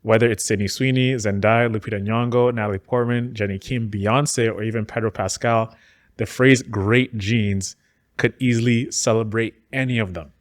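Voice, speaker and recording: A man hosting a talk show, reading out commentary in a measured, steady way. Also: lowish voice, dry recording. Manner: measured and steady when reading, brief agreeing replies in chat. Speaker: podcast host. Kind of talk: reading out commentary and casual chat.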